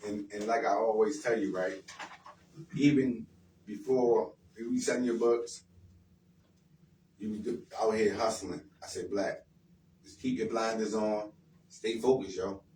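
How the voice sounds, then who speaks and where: A man's voice: on the low side, fairly even intonation, unhurried, long pauses, darkish tone. A man hosting a casual radio talk, speaking bluntly and encouragingly, with street slang and repetition. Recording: roomy sound from far off the mic with faint noise.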